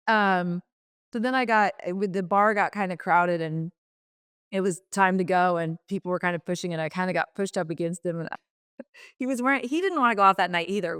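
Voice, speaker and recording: A woman's voice: lowish voice, a bit bright, smooth, no room sound, studio quality. A middle-aged woman, a podcast guest, telling a personal story frankly and chattily, acting out the dialogue she quotes.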